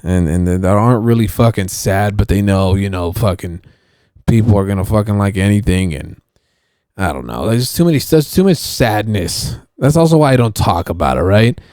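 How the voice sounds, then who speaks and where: Rambling, profane low-voiced man. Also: expressive, normal speed, a little mellow, no echo, studio quality. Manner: profane, rambling, many restarts. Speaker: podcast host. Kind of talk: casual rambling monologue.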